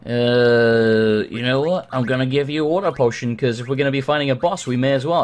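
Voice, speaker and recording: A man's voice: mid-range voice, a little fast, few pauses. A man hosting a let's play, talking through a game in a hyper, joking, chatty way. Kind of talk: gameplay commentary.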